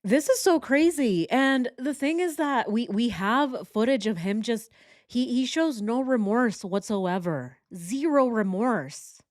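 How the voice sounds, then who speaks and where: This is a woman commentator reacting to a disturbing trial, her speech slow and broken by restarts and pauses. Her voice sits close and dry on the microphone, with no room around it. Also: on the high side, lively intonation, no room sound. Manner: halting, shaken, many restarts. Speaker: true crime commentator. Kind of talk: reacting to court coverage.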